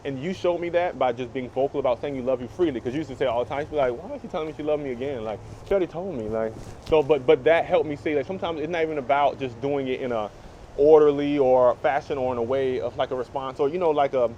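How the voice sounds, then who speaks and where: A man's voice: mid-range voice, fast, dark tone, lo-fi sound, a little hiss or hum. A young man thanking his mother sincerely in a rambling, filler-heavy way. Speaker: host speaking to his mother. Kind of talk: heartfelt conversation.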